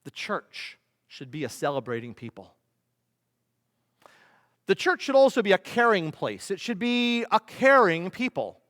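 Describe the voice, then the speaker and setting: A man, a pastor, preaching a sermon with emphatic delivery, rhetorical questions and swings between loud and soft. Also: high-pitched, big pitch swings, measured pace, pauses often. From United States. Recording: long reverb of a large hall.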